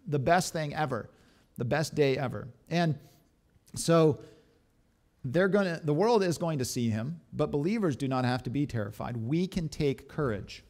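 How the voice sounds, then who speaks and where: With a voice that leans high, a man preaches animatedly as a pastor, posing one rhetorical question after another.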